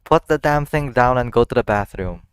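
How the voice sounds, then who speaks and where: A man's voice: mid-range voice, animated, normal speed, clear, resonant tone, dry recording. A man hosting an anime reaction, talking casually to the screen and blurting out startled exclamations and swearing.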